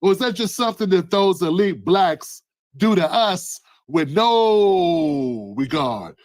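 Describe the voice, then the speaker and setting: A man speaks slowly in a high, sing-song voice with vocal fry and a slightly mellow quality. As host of his own channel, he gives fervent political commentary, repeating rhetorical questions and calling on a listener by name.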